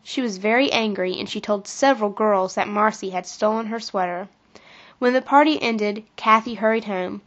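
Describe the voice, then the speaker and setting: A woman narrating a scripted children's devotional story in a gentle, instructive manner, on a dull lo-fi recording. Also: medium pitch, normal speed.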